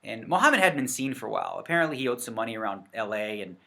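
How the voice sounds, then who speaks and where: This poker vlogger's voice sits on the low side, sing-song and sharp, with vocal fry and a rapid-fire pace. He rambles casually to camera, full of fillers and self-corrections. He's indoors in front of a set backdrop, and the mic faces the camera.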